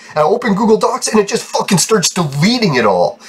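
A man's voice: high-pitched, big pitch swings, fast talker, few pauses, slightly rough. A young man giving profane, frustrated commentary over his gameplay, breaking into laughs. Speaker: game video creator.

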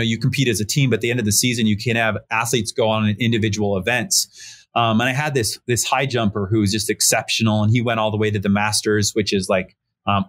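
A man's voice: mid-range voice, fairly bright tone. A man in his thirties, a pastor and podcast guest, telling a personal story in a casual, conversational way with many fillers, raising his voice when he acts out the people he quotes. He joins the conversation remotely. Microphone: remote call setup.

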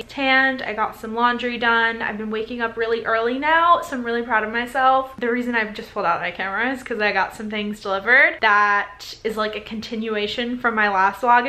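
A young lifestyle vlogger chats casually to camera in her apartment, peppering her talk with lots of "like." Her voice is on the high side and a bit bright, and the room is echoey.

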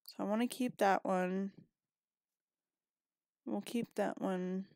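A woman's voice: mid-range voice, fairly even intonation, slow pace, darkish tone, dry recording, studio quality. A woman giving casual gameplay commentary, chatty and scolding her characters, a little sniffly and yawning. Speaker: gaming video creator.

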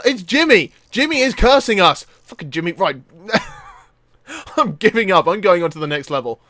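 A man doing let's play commentary, excitable, yelping and laughing at the action on screen. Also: on the high side, normal speed. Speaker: gaming commentator.

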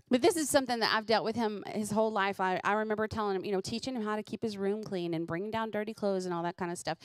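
A middle-aged woman comedian, telling family stories with laughter and quick asides. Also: medium pitch, no room sound, clean studio sound. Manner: animated, laughing, self-deprecating. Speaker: comedian host. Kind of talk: stand-up storytelling.

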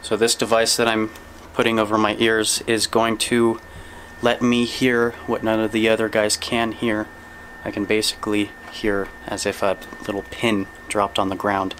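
Calm man calling out to spirits. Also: fairly low pitch, slight background noise, low-quality recording. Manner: calm, measured, addressing an unseen presence. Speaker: paranormal investigator. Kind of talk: ghost-hunting spirit call-outs.

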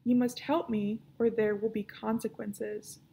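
A proud, spoiled young princess makes her demands with haughty indignation, as a woman reads her out. Her voice is slightly high and gravelly, with a mellow tone. She comes from a storybook read aloud. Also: flat delivery, a little slow, slight background noise.

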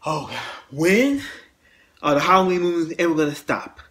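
A man hosting his own channel, ranting casually about films in a halting way, with lots of restarts, repeated words and blunt swearing. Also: fairly high pitch, expressive, fairly bright tone. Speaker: host. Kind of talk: casual movie rant.

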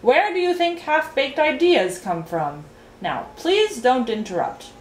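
A pompous storybook king barks commands, impatient and short-tempered, as a woman puts him on. The voice leaps up and down with lively pitch, and the room gives it a roomy echo. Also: unhurried, a little hiss or hum. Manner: bossy and snapping.

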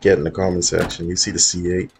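Low-voiced man, laid-back gaming vlogger, speaks to his viewers over faint background noise. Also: little pitch movement, fast, vocal fry, poor audio. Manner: laid-back, slangy, talks straight to viewers. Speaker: roleplay gamer showing off his cars. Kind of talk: casual gaming vlog commentary.

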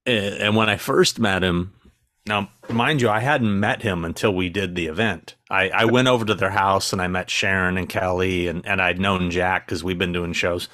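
A man's voice: deep voice, steady tone, normal speed, a bit bright, dry recording. A man with a dry, sarcastic sense of humor, telling stories as a guest in a casual podcast interview.

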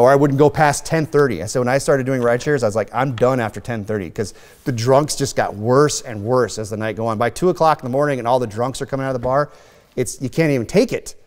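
A man preaching a sermon in a relaxed, joking way, sometimes mocking other people's voices. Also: medium pitch, fast. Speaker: pastor. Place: church sanctuary. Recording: long hall reverb.

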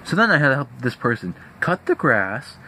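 Profane young man ranting, lively pitch. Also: brisk, slight background noise, rough recording. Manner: angry, profane, animated. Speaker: vlogger. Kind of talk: venting rant. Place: at home indoors.

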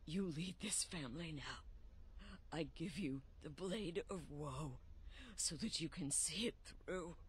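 An actress playing a remorseful, resigned female assassin leader who speaks in a measured, grave way. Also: low voice, a little hiss or hum.

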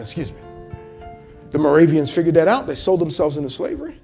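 Impassioned high-voiced man preaching. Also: very animated, fast talker, gravelly, darkish tone, faint music behind. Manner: impassioned, repeats phrases, calls out to congregation. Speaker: pastor. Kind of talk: sermon. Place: church service in a hotel venue.

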